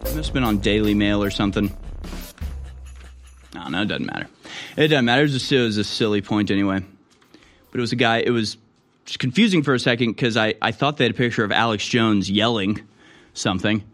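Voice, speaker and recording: A man's voice: lowish voice, expressive, fast, pauses often, fairly bright tone, soft background music. A man hosting a talk show, talking casually and sarcastically, building to heated rants. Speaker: show host.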